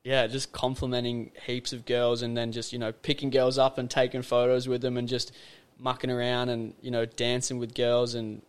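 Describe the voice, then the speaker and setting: A man's voice: mid-range voice, normal speed, few pauses, smooth. A young man with an Australian accent, a podcast guest telling a story in a loose, slangy way, full of fillers. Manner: animated, slangy, lots of fillers. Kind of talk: casual storytelling chat.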